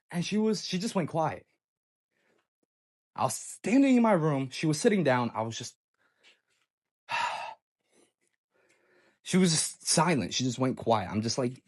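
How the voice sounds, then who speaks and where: A young man telling a personal story in a casual, profane, excitable way, often stammering and restarting. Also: medium pitch, unhurried, long pauses.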